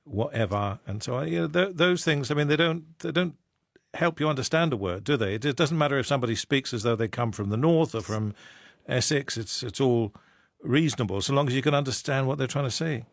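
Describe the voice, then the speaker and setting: A man interviewing a guest on radio, asking brisk, leading questions. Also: mid-range voice, gravelly, dry recording.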